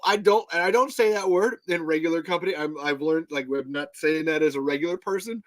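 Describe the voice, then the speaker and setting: A man's voice: on the high side, a little fast, few pauses. An American man hosting a podcast in casual chat, rambling with restarts, swearing and laughing often. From United States. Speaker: podcast host.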